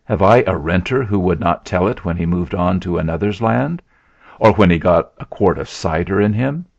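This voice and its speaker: A man voicing a blustering, sneering landowner in a storybook reading, taunting loudly. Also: low-pitched, expressive, normal speed, creaky, dry recording, exaggerated voice. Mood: shouting. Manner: mocking, shouting taunts. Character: blustering sneering middle-aged male landowner. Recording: dull lo-fi recording.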